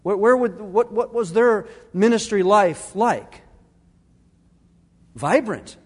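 A middle-aged pastor preaches in a lightly higher voice, his words ringing out with a long echo around the sanctuary. He keeps it earnest and conversational and often restarts his phrases. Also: takes it slowly. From Arizona. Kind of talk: sermon.

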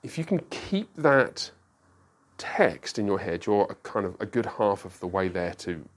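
A male pastor teaching a Bible lesson to a school class, his fairly low voice swinging widely up and down in pitch. He leans hard on key words and keeps checking in with rhetorical questions, in a classroom. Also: a little slow. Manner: emphatic, lively, explains with rhetorical questions. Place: classroom with a whiteboard.

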